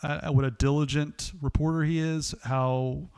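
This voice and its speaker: A man with an Oklahoma accent, a podcast host telling stories in a casual, animated way. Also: fairly high pitch, a little slow, clean tone. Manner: animated, lively storyteller with laughs and restarts.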